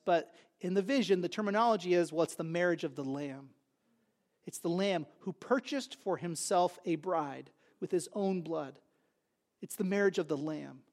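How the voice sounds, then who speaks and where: High-voiced man preaching a sermon. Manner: emphatic preaching with rising, loud quoted lines and frequent restarts. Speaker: pastor.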